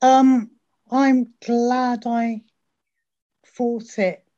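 A woman's voice: on the high side, level tone, very slow, dark tone. A woman being interviewed as a podcast guest, answering modestly and carefully with some hesitation. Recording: dull lo-fi sound.

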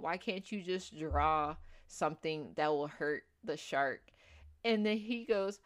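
A young woman on a podcast tells a movie's plot in a loose, rambling way, full of fillers and restarts. She slips into quick voices for the characters as she goes. Her voice sits a little low. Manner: rambling storyteller, many fillers, acts out quotes. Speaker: podcast co-host. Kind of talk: casual movie recap chat.

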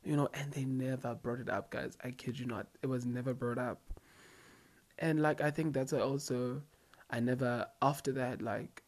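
A young man talks straight to his viewers in a loose, slangy storytime. He rambles through asides and fillers, and his voice sits at an ordinary middle pitch. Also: fairly even intonation, moderate pace. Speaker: vlogger. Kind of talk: casual storytime monologue.

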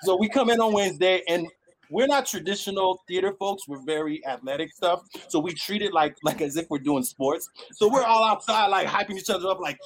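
A man from Miami who is an actor, telling a lively story and acting out the voices of the people in it. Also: high voice, a little fast, a little hiss or hum, rough recording. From Miami, United States. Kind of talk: animated storytelling.

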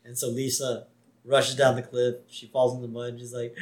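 A man co-hosting a casual podcast, recapping a cartoon episode and jumping into quick character impressions. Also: mid-range voice, monotone. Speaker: podcast co-host.

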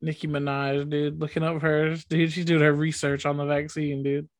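Slangy male co-host, higher voice, dry close sound. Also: little pitch movement, normal speed, no echo. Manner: slangy, says "bro" and "dude". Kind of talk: casual chat.

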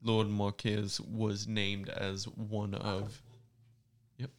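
A man casually telling a history story on a podcast, slow and halting with lots of fillers. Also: lowish voice, completely flat delivery. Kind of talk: casual chat.

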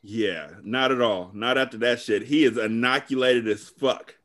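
Profane deep-voiced man recapping a movie. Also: moderate pace, a bit bright. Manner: profane, rambling, retelling scenes. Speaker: podcast host. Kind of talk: casual movie-review chat.

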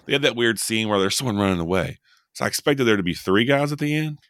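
A man hosting a casual horror movie podcast, animated and profane, often acting out characters in quick impressions. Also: fairly low pitch, no room sound, studio quality. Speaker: podcast host. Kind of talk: casual movie review chat.

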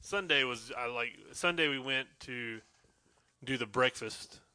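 Male co-host, mid pitch, bright tone, dry sound, rambling recaps. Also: a little slow, no room sound, poor audio. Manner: rambling, filler-heavy recounting. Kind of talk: casual chat.

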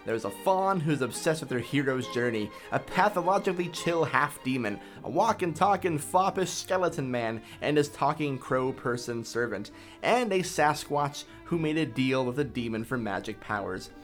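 A man's voice: mid-range voice, expressive, moderate pace, faint music behind. A man narrating a scripted video essay in a casual, profane, enthusiastic way.

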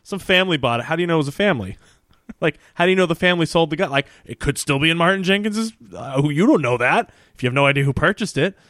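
A man's voice: fairly high pitch, fast, no room sound, clean studio sound. A man co-hosting a casual podcast, recapping a TV episode with laughs and acted-out lines. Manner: animated, laughing, acts out characters' lines. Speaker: podcast co-host.

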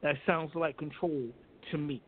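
Blunt radio host guy, kinda high voice, sounds like a phone call. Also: flat delivery, moderate pace, noisy background. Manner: blunt, reads news items with frequent restarts. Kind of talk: casual entertainment news chat. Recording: phone-like line.

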